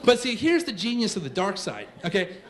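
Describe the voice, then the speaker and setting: A man in his thirties telling a true story on stage, animated, comic and self-mocking. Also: high-pitched, a little fast, slight background noise.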